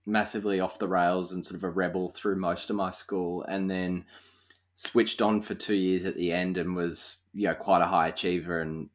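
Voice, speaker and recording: A young Australian man hosts a relaxed interview, talking through his thoughts with plenty of fillers. His voice is very deep. He sounds thoughtful and easygoing. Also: normal speed. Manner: thoughtful, conversational, many fillers. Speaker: podcast host. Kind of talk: casual interview conversation.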